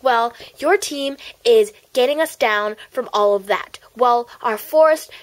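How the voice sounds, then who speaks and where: A woman's voice: fairly high pitch, a little slow, natural voice, low-quality recording. A woman voicing a spoiled, bratty popular schoolgirl in an amateur homemade play, snotty and boastful, sometimes hissing in whispers.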